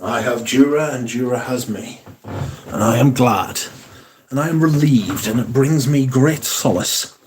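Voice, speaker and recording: A man's voice: medium pitch, a little slow, darkish tone, a little hiss or hum. A man hosting a casual livestream from home, rambling and swearing freely as he reads viewer comments aloud and answers them. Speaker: fragrance livestream host.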